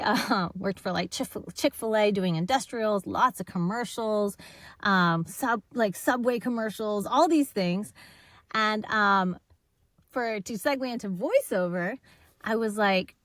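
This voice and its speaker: A woman guest on a podcast, telling her story in a casual, animated way, acting out the people she quotes and laughing often. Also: medium pitch, no echo.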